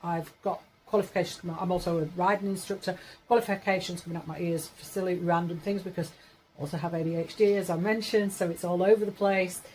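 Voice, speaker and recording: A woman's voice: on the low side, fairly even intonation, fast talker, darkish tone, slight background noise, poor audio. A woman in her forties from Yorkshire, England, chatting casually to camera in a rambling way, correcting herself as she goes. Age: 40s. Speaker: vlogger.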